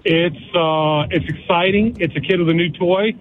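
Calling in to sports radio, an older man sounds eager and sincere, circling back to repeat his points. The tinny phone connection carries background noise, and his high-sitting voice moves at normal speed.

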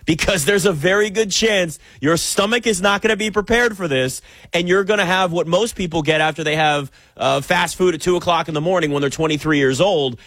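A man from the United States delivers an animated, sarcastic sports talk rant. His voice sits a little higher than most men's. The recording is dry and close, with no room sound. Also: brisk, no echo. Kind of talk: opinionated sports commentary monologue.

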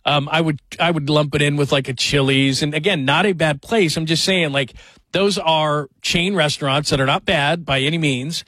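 A man's voice: a little high, normal speed, dry recording. Rambling self-mocking male radio host. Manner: rambling, self-deprecating, animated storytelling. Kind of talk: casual chat.

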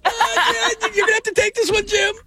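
A man's voice: level tone, fairly quick, gravelly, over a noisy crowd, heavy background noise. A man doing a mocking impression of a flustered male TV football analyst who pleads and whines. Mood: whining. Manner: pleading, breaking into squeaky whines.

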